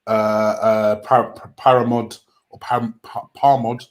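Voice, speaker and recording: A man's voice: on the low side, little pitch movement, slow pace. A man co-hosting a football livestream, reading out donations and tripping over names. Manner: stumbling over names, self-mocking. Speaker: livestream co-host. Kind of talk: casual chat, reading out donations.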